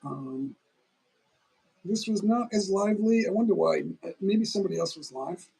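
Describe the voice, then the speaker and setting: A man's voice: high-pitched, lively intonation, normal speed, vocal fry, mellow, slightly rough, poor audio. A middle-aged man hosting a phone livestream, chatting in a meandering way, eating as he talks, sounding tired. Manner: meandering, talks while eating, restarts often. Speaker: livestream host. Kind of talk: rambling casual livestream chat.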